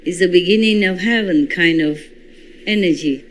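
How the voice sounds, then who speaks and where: A man whose first language is Korean, giving a spiritual talk in halting English with dramatic retelling. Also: sits high, low-quality recording. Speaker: spiritual teacher.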